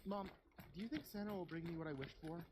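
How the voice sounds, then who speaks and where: A narrator voicing an excited little girl of about eight in a spooky Christmas story, in a raised, pleading voice. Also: fast, noisy background, lightly acted. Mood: eager. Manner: eager, high and pleading.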